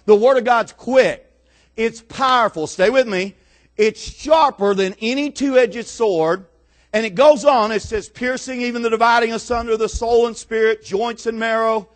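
Man preaching, high voice, dramatic storyteller, builds to shouts, repetitive cadence. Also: normal speed. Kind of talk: sermon.

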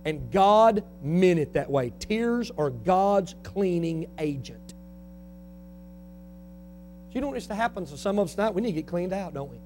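A male preacher, delivering a fiery sermon that swings between shouting and quiet talk. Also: sits high, lively intonation, normal speed, soft background music.

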